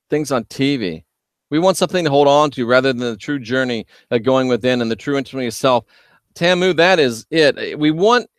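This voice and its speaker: A man hosting a livestream, talking loudly and emphatically while reading viewer chat. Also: mid-range voice, smooth, no echo, clean studio sound. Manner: loud, shouting, emphatic. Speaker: host.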